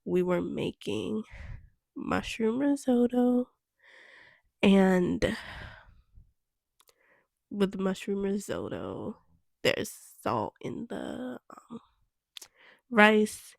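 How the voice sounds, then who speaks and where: A woman's voice: medium pitch, big pitch swings, drawn-out words, creaky, long pauses, no echo, clean studio sound. A young woman cook chatting casually about kitchen mistakes, rambling with lots of "like" and "um". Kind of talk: casual vlog chat.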